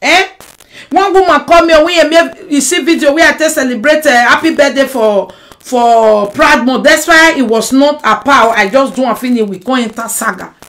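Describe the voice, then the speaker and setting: In a low-quality recording, a woman with a Nigerian Pidgin accent speaks at a moderate pace, delivering an animated monologue to the camera aimed at a rival. She stays emphatic, keeps adding rhetorical "eh?" asides, and moves from loud outbursts to low muttering.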